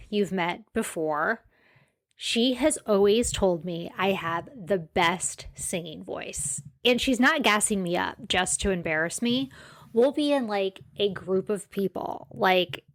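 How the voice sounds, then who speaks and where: A woman's voice: medium pitch, fairly bright tone. A woman in her forties hosting a solo podcast, chatty and self-deprecating, with rambling asides. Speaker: podcast host. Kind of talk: casual solo podcast chat.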